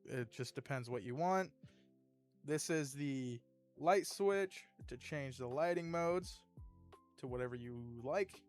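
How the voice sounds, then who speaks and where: A man's voice: medium pitch, slow, faint music behind. A young man hosting his own channel, chatting casually through an upbeat product review. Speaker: gear reviewer, channel host.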